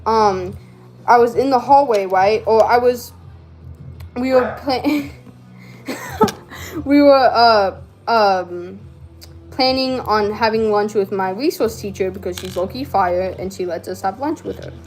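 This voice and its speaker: A woman's voice: mid-range voice, expressive, takes it slowly, darkish tone. A teenage girl telling a rambling, slangy story while crafting, with lots of fillers and laughs. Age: teens. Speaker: vlogger.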